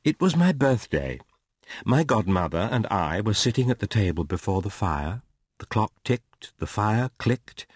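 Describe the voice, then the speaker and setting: A man reading a classic novel aloud as an audiobook narrator, measured and expressive. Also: on the low side, husky, dry recording, clean studio sound.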